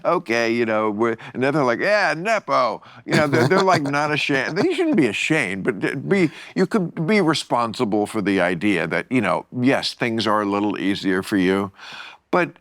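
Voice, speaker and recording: A man's voice: mid-range voice, very animated, normal speed, fairly bright tone, no room sound, studio quality. A man in his sixties hosting a podcast, chatting casually in a profane, wisecracking way. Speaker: podcast host. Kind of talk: casual chat.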